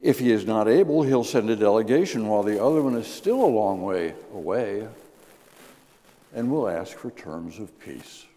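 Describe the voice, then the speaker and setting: A man preaches from the pulpit, his dark, mellow voice rising and falling with lively emphasis as he reads scripture aloud. The long reverb of a church hall trails behind every phrase. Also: lowish voice. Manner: expressive, measured reading with lively rises. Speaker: guest preacher. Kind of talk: sermon. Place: church sanctuary.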